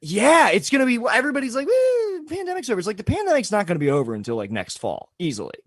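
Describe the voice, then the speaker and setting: A young man co-hosting a podcast, telling a story in casual chat, animated, swearing and laughing often. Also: high voice, rapid-fire, no echo, clean studio sound. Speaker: podcast co-host.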